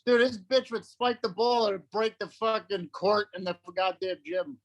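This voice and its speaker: A man's voice: sits high, normal speed, dull audio. A man in a casual podcast chat, joking crudely and laughing often.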